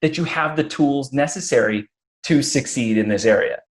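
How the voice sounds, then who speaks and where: A man's voice: mid-range voice, moderate pace. Man hosting a chatty interview. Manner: storytelling, with frequent restarts and acted-out quotes. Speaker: podcast host. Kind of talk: conversational interview.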